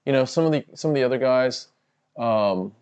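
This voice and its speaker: A man talks through the fights live with a loose, swearing, analytical flow, piling up "you know" fillers as he explains his thinking. He speaks at a middling pitch. The audio is dull and lo-fi. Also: normal speed, a little mellow, clean tone. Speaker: co-host of a fight watch-along stream. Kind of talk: casual live fight commentary.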